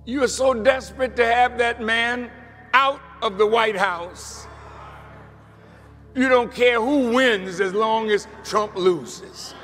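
A man delivering a sermon as a minister, swinging between hushed lines and shouted points. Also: very high-pitched, takes it slowly, in a large hall, faint music behind.

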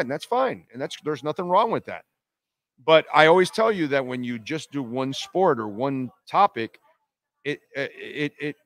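A man's voice: mid-range voice, a bit bright, no echo. A man hosting a sports talk radio show, talking bluntly in a rambling monologue full of fillers and restarts. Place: casino venue, live broadcast.

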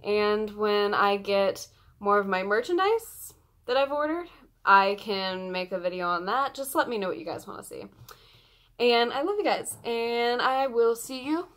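A young woman vlogging in a casual chat, gushing excitedly as a fan. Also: medium pitch, unhurried.

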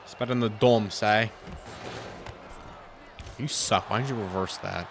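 A young man giving frustrated, sarcastic commentary over his own video game play, swearing and swinging from mutters to yells. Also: on the low side, measured pace, creaky, noisy background. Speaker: gaming YouTuber.

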